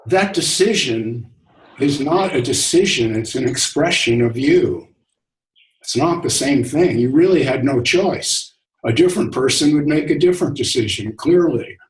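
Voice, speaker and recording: A man hosting an online discussion, telling stories in a relaxed way and chuckling often. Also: medium pitch, normal speed. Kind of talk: casual spiritual talk. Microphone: video call. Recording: echoey room, distant from mic.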